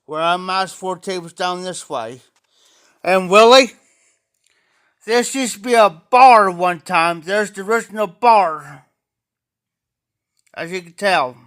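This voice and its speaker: A man with a drawl chats on a casual livestream, unhurried and rambling. His voice sits fairly high, with a bright, clean tone. He stops now and then to greet viewers by name. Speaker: pipe-smoking livestream host. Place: auction house, former bar room.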